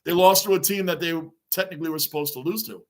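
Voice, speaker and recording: A man hosting a live sports reaction stream, excitable and rambling as he answers viewers' chat. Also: fairly high pitch, fast talker. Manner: excitable, talks back to chat comments, rambling.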